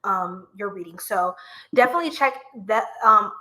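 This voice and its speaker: A woman's voice: medium pitch, lively intonation, moderate pace, bright, forceful tone. A young woman reading tarot on a live stream, chatting playfully with viewers and a little short of breath. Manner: playful, chatty, singing bits of songs. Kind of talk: casual live-stream chat.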